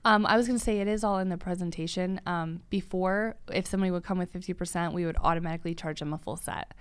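A woman talking shop in a relaxed, chatty way, laughing easily and acting out what her clients say. Her voice sits a little low and sounds smooth and clear. The recording is close and dry, with no room sound. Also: fast talker, no echo. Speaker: lash studio owner, podcast co-host. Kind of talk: casual business chat.

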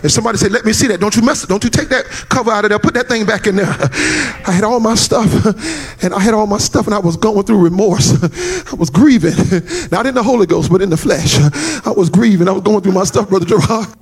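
A male preacher telling a personal testimony in a dramatic, storytelling way, building to shouts. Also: high voice, quick pace, hardly any pauses, slightly rough. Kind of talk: testimony sermon. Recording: music playing under the voice.

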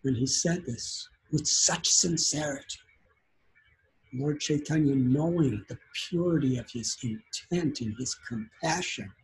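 A man's voice: medium pitch, measured pace, husky, poor audio. A man giving a devotional sermon as a spiritual teacher, telling a story in an earnest, emotional way.

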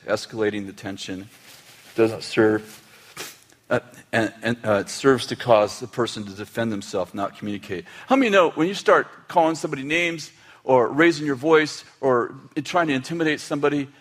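A man's voice: mid-range voice, moderate pace. A middle-aged man preaching a sermon, telling family stories and acting out their quotes with humor. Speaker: pastor.

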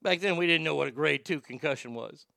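A man around forty hosts a casual podcast and tells blunt, profane stories with animated energy. His voice is bright, gravelly and very smooth. It is recorded on a close, dry mic. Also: a little high, fast, no room sound. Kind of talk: casual storytelling chat.

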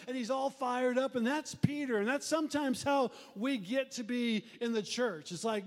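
A middle-aged male pastor preaching a conversational sermon, animated and acting out church members. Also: very high voice, moderate pace, few pauses. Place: church sanctuary. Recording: long reverb of a church hall.

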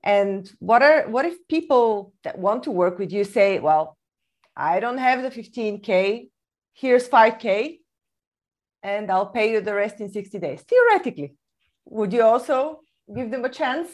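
A woman hosting a podcast, asking interview questions with a relaxed manner. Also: a little high, a little slow. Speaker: podcast host.

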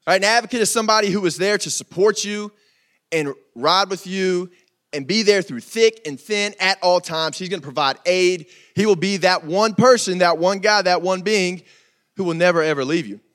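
A man's voice: high voice, normal speed, fairly bright tone. A young man preaching a casual youth sermon, joking and talking straight to the crowd in a church room. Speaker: youth pastor.

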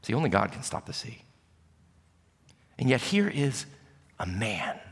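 Animated pastor in a reverberant hall. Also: male voice, medium pitch, a little slow, slightly rough. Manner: animated storytelling with sudden shouts and hushed drops. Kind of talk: sermon. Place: church sanctuary. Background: long hall reverb.

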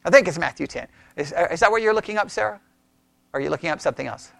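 A man leading a casual Bible study, thinking aloud with restarts and animated questions to the group. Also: fairly high pitch, very fast, creaky, dry recording.

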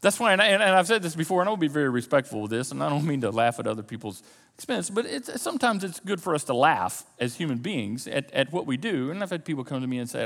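A man's voice: on the high side, very animated, quick pace, vocal fry, a bit bright, big-room sound. A man preaching a sermon as a pastor, talking conversationally with repetitions and asides to the congregation. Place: church sanctuary.

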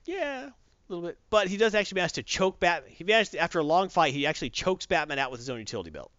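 A man co-hosting a casual podcast chat, telling a comic story in an animated way and acting out the quotes. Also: sits high, fast talker, dry recording, dull audio. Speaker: podcast co-host recapping comics.

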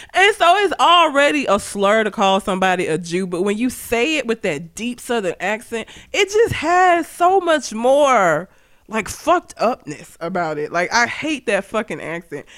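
A woman's voice: mid-range voice, fairly bright tone. A woman from Alabama co-hosting a casual podcast, blunt and profane, laughing often as she talks. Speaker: podcast co-host. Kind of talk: casual chat.

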